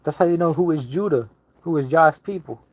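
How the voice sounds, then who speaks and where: A man's voice: on the high side, brisk, muffled recording. A man giving a casual online sermon, preaching emphatically and repeating himself as he builds each point. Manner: repetitive, emphatic preaching with restarts. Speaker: lay preacher.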